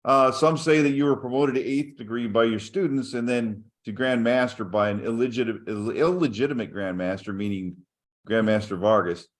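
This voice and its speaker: A man's voice: mid-range voice, normal speed. A man interviewing a martial arts grandmaster who puts his questions hesitantly, with many fillers.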